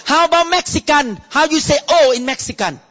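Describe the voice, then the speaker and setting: A man preaching a sermon as pastor, animated and exclaiming, often breaking into laughter. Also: very high-pitched, fairly quick, a little hiss or hum. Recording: reverberant, dull lo-fi hall recording.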